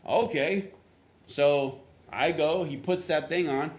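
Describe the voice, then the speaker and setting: A man's voice: normal speed, a little hiss or hum. A man preaching a sermon, telling a personal story in a casual, conversational way and acting out the dialogue. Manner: conversational storytelling, acts out quotes with rising pitch. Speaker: pastor.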